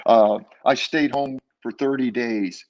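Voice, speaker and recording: A man's voice: medium pitch, steady tone, slow, darkish tone, dull audio. An older man, a former ballplayer, recounting his career in a casual interview with many fillers and restarts. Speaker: guest, former baseball player.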